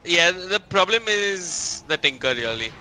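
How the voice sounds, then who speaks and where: Man, esports caster, high voice, very bright tone, excitable play-by-play, faint traffic noise behind. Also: unhurried, low-quality recording. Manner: excitable play-by-play, rising in big fights. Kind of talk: live game commentary.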